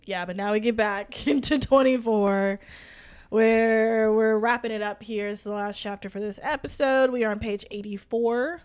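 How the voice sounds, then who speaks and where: A woman's voice: a little high, steady tone, moderate pace, a little mellow, smooth. Reflective young woman co-host. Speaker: podcast co-host. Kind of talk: casual book discussion.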